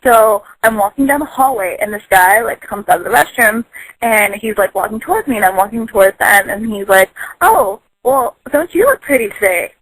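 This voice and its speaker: A woman's voice: mid-range voice, brisk, a bit bright, no room sound, rough recording. A woman telling a casual story from work, chatty and giggly, full of likes and ums. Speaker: storyteller in a voice post.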